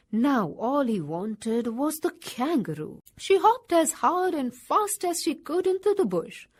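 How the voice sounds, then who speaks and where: A woman reading a children's story aloud in an expressive, sing-song way. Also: sits high, husky.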